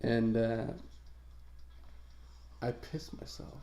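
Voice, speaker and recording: A man's voice: medium pitch, completely flat delivery, drawn-out words, dark tone. A man co-hosting a podcast, chatting casually and telling loose, profane stories full of fillers. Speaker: podcast co-host. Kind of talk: casual chat. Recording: echoey room.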